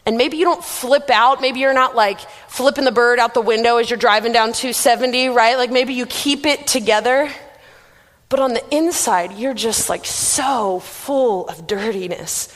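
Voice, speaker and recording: A woman's voice: a little high, normal speed. Chatty young woman preaching in a reverberant hall. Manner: chatty and self-deprecating, heavy use of "like". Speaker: youth minister giving a message. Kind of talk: casual conversational sermon. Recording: long reverb of a large room.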